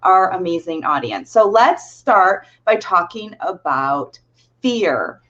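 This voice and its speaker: A woman's voice: on the low side, animated, takes it slowly, a bit bright, muffled recording. Bubbly woman co-hosting a live chat. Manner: bubbly, laughs often, chatty. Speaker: co-host.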